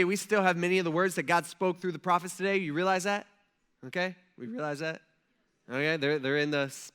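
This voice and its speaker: Bright-voiced conversational male pastor. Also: high-pitched. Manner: conversational preaching, acting out quoted prayers, frequent "right?" and "okay?" checks. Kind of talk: sermon. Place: church auditorium.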